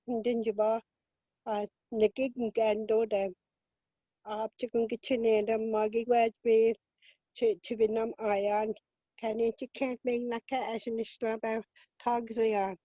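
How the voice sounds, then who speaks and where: An older woman speaks slowly and gently, offering a blessing over a video call. Her voice is high-set but mellow, and the sound is close and dry, with no room around it. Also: no echo, low-quality recording. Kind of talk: spoken prayer and blessing.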